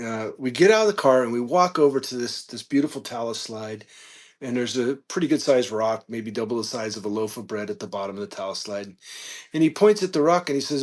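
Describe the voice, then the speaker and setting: A man guest on a podcast, telling a casual story with animated peaks and frequent fillers. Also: mid-range voice. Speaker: podcast guest, reptile keeper.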